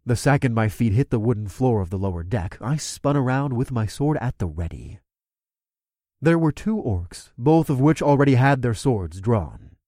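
A man's voice: mid-range voice, expressive, moderate pace, mellow, dry recording, studio quality. A man giving wry, first-person audiobook narration.

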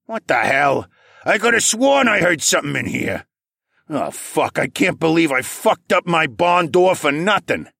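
A man voicing an angry, swearing farmer who shouts in a raised voice, in a read-aloud story. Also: on the high side, big pitch swings, unhurried, creaky, no room sound, clean studio sound, pitched above the performer's own voice, full character voice. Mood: irritated. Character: angry shouting male farmer, middle-aged, coarse.

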